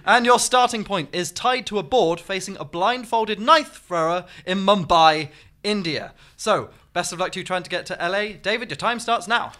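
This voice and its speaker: A man's voice: sits high, normal speed, pushed and bright. A man hosting a comedy game, announcing rounds in a playful way. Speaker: game show host.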